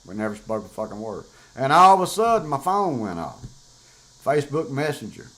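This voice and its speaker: A man's voice: mid-range voice, sing-song, brisk, fairly bright tone, rough recording. An older man, talking bluntly and profanely in a rambling, casual monologue as a show host. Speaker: podcast host.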